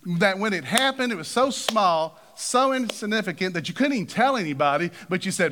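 A man preaches a sermon. He talks in a high register and his pitch leaps around as he acts out the people in his stories. His phrasing has a drawling turn. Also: fairly quick. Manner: animated, acts out quoted figures with big pitch swings.

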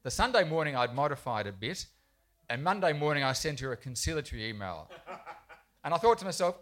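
A man's voice: fairly high pitch, very animated, brisk, fairly bright tone. Chatty man telling a story. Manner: chatty, self-deprecating, with frequent restarts. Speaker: children's poet speaking at a festival panel. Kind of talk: storytelling anecdote to a live audience. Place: bookshop event space, indoors.

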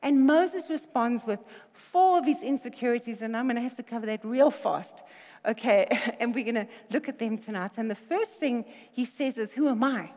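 A woman preaching a sermon, telling a story with lively asides and jokes. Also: a little high, moderate pace. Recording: reverberant hall.

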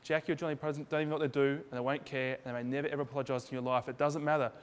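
A man's voice: mid-range voice, little pitch movement, racing. A man preaching a sermon in a loose, conversational way, acting out little dialogues in different voices. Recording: hall reverb.

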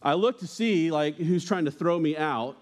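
A young man preaches to a church congregation in a loose, conversational way. His voice sits a little high, and he slips in jokes and asides between the readings. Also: moderate pace. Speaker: pastor. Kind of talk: casual sermon.

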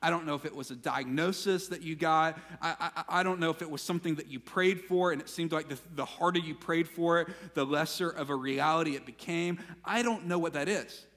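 A man preaching a sermon as pastor, animated when acting out quotes and dropping to a quiet, intense voice for emphasis. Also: a little high, brisk, few pauses, in a large hall. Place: church sanctuary.

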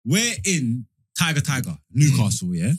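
A man's voice: mid-range voice, moderate pace, husky, no echo, studio quality. A young man telling a story in casual chat among friends, acting out what people said. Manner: animated, acts out quoted lines.

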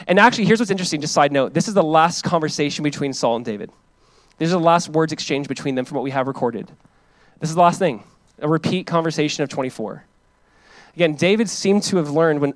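A male pastor preaching a sermon, reading scripture aloud loudly and then explaining it in casual talk, acting out the biblical figures in quick, lively voices. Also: fairly high pitch, no room sound, rough recording.

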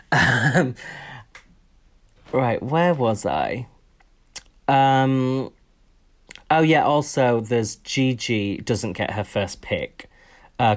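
A man co-hosting a podcast in casual, self-mocking, expressive chat. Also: lowish voice. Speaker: podcast co-host.

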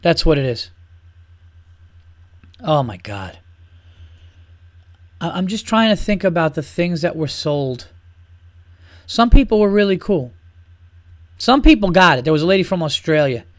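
A man hosts a podcast and rants in a loose, comic way, heated and full of swearing. His voice sits a bit high for a man, and it is recorded close and dry. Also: sing-song, unhurried, pauses often, no room sound. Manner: profane, heated, mocking. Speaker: podcast host. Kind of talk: casual comedic rant.

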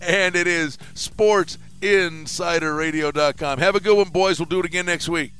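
A man's voice: on the high side, moderate pace, fairly bright tone, soft background music. A man hosting a sports radio show, talking casually about betting and chatting with his guests, often trailing off and restarting.

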